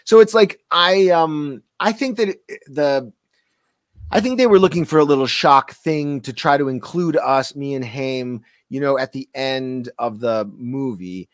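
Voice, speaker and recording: A man is a guest on a casual radio interview, his voice captured dry with little room sound. He rambles and hesitates, leaning on a steady stream of fillers. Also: medium pitch, measured pace, dry recording. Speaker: guest actor.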